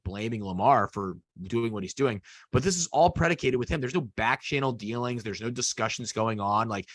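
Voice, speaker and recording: A man's voice: mid-range voice, no room sound. A young man co-hosts a casual sports podcast. He rambles, circling back on himself with fillers and restarts. The sound is dry and close, with no room around it. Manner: rambling, filler-heavy, animated. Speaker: podcast co-host.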